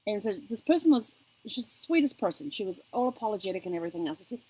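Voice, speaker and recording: A middle-aged woman chats to her viewers in a casual vlog. Her voice is breathy and sits in a middle pitch. She tells a long story with animation and puts on the voices of the people from her phone calls. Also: expressive, quick pace, warm tone, no room sound, poor audio. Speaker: vlog host. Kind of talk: casual chat.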